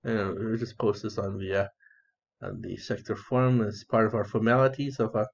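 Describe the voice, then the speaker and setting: A lowish, creaky voice with a steady tone and normal speed narrates a man's online strategy gameplay. He's casual and rambling, repeating phrases, swearing and giggling, and the audio is dull and lo-fi.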